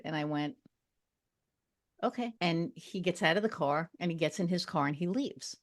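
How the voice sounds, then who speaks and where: A woman from Long Island, a podcast guest, telling a personal story in casual chat and checking in with quick asides. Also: fairly low pitch.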